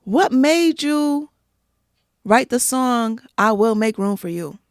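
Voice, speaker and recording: Casting: laid-back, joking woman guest, slow and lilting, with some gravel. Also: a little high, lively intonation, dry recording, clean studio sound. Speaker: podcast guest. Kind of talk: casual chat.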